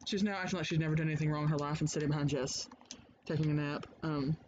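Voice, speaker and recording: A man's voice: fairly high pitch, steady tone, quick pace, darkish tone. A man hosting a let's play from home, chatting loosely and swearing freely as he comments on the game. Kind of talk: casual gameplay commentary. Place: home, indoors. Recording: dull lo-fi mic with clear noise.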